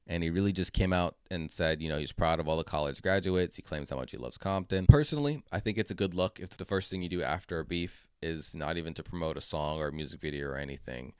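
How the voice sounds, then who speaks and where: A man's voice: sits low, a little mellow, clean tone, no echo. Blunt sarcastic male commentator, dry sound. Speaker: commentary video host. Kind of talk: opinionated commentary.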